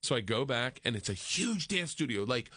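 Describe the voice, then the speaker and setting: A middle-aged man telling an excited, animated story as a talk show guest and acting out the other voices in it. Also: medium pitch, moderate pace, breathy edge, no room sound, clean studio sound. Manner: excited, laughing, acts out voices in dialogue.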